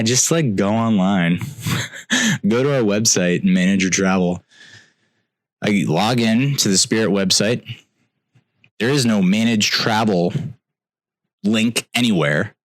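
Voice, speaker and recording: A young male podcast host tells a comedic story, ranting in exasperation that swings between loud outbursts and low mutters. The recording has no echo.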